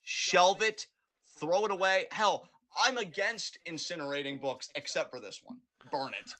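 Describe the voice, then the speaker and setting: A man's voice: high-pitched, moderate pace, bright, forceful tone. A man co-hosting a podcast, ranting in casual, profane, rambling chat. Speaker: podcast co-host.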